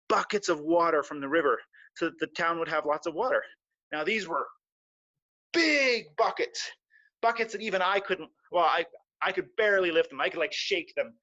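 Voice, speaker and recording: A man telling a children's story on a live stream, animated and full of sound effects. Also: high voice, no echo. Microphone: live stream mic. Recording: dull, dry lo-fi stream audio.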